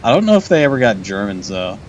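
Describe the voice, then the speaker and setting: A man's voice: lowish voice, very animated, quick pace, muffled recording, a little hiss or hum. A man streaming a game live, chatting casually, laughing often and swearing.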